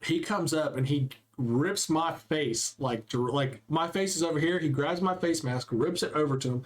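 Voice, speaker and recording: Casting: young adult man, slightly high voice, animated storyteller on a casual podcast. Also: normal speed, few pauses. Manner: animated storyteller acting out quotes. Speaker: podcast co-host. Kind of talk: casual chat.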